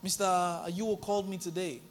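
A male pastor preaching a sermon in a church, telling a story and building to loud, emphatic declarations. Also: sits high, fairly even intonation, moderate pace, soft background music.

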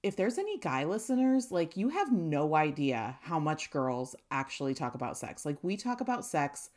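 A woman's voice: low voice, big pitch swings, normal speed, a little mellow. A woman in her late thirties co-hosting a casual podcast chat, speaking candidly with frequent laughter and lots of "like" fillers. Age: 30s. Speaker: podcast co-host.

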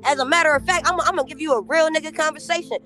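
A woman's voice: sits high, rapid-fire, sharp tone, faint music behind. A woman on a podcast, ranting in a brash, profane, confrontational way. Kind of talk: heated casual podcast talk.

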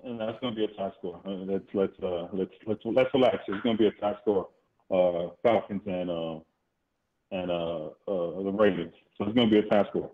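Stammering, mocking caller on a muffled line. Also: male voice, deep voice, moderate pace. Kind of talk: casual sports trash talk.

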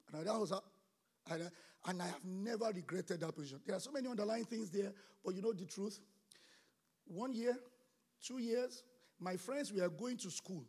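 A middle-aged man, preaching a sermon as pastor, swinging from shouted bursts to quieter storytelling. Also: high-pitched, breathy edge.

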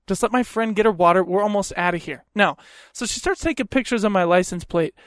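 A man's voice: high voice, fast talker, no echo. Man, podcast host, comedic story, swearing, ranting, dry close mic. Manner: profane, animated ranting.

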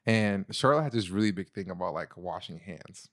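A young man co-hosting a casual couple podcast, slangy and animated, full of "bro" and "you know what I'm saying". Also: low-pitched, normal speed, dry recording, clean studio sound. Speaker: podcast co-host.

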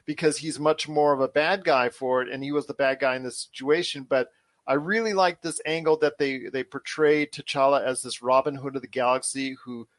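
A man's voice: mid-range voice, steady tone, moderate pace, dry recording. A man hosting a casual podcast chat, talking in an enthusiastic, rambling way with frequent restarts. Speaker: show host.

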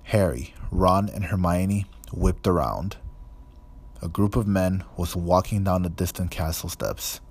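A man reading an audiobook in a measured, even storytelling manner. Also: sits low, breathy edge. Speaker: audiobook narrator. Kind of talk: scripted narration.

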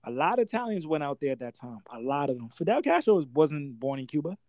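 New guy on a podcast, voice jumps all over, acts out quotes, pretty high, dry sound. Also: quick pace, no echo. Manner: animated storyteller, acts out quotes. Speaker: podcast co-host. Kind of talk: casual chat.

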